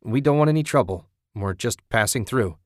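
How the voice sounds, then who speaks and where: A man's voice: mid-range voice, animated, normal speed, dry recording, natural voice. A man voicing a polite, apologetic husband who is nervous around strangers.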